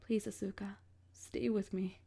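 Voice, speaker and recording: A woman's voice: medium pitch, fairly even intonation, unhurried, gravelly, breathy edge. A woman voicing a melancholy fallen prince. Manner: quiet, melancholy, pleading. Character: brooding young man, a fallen dreamy prince. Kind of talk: reading a visual novel aloud.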